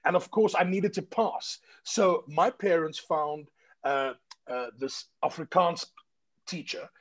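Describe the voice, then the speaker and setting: A man's voice: on the high side, takes it slowly. A South African man, a stage actor guest, telling stories in casual chat and acting out dialogue, swearing freely. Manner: lively raconteur, swears freely, acts out dialogue. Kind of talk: animated storytelling in casual chat.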